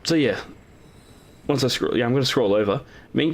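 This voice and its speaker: A man's voice: medium pitch, animated, moderate pace. A man hosting his own gaming channel, casually talking over recorded gameplay in a rambling way with lots of fillers and restarts.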